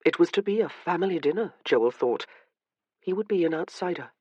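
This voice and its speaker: A woman narrating a historical romance audiobook with measured, even scripted narration. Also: lowish voice, slightly rough, no echo, muffled recording.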